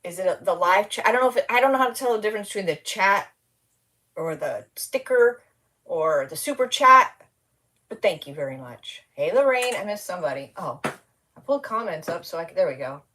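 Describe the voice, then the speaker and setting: A woman's voice: medium pitch, lively intonation, brisk, pushed and bright. A woman hosting a casual live stream, tired and slap-happy, rambling as she greets viewers by name.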